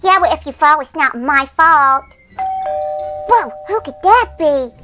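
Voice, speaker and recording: A woman voicing small excitable children in a toy doll role-play, squeaky and whiny as they bicker. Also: a little slow, music in the background. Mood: scheming. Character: small excitable kids, siblings in a toy house.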